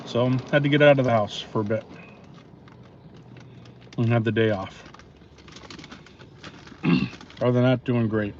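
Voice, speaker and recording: A man chatting casually with viewers on a live stream, relaxed and rambling, with many pauses and fillers, recorded on a phone outdoors. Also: medium pitch. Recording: dull lo-fi phone audio, faint noise.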